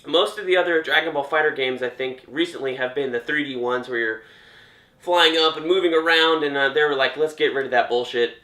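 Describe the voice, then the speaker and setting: A man's voice: a little high, brisk, sharp tone. A young man giving a chatty, jokey reaction to gaming news, often trailing off and restarting. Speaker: gaming commentator. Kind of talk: casual reaction commentary. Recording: roomy echo.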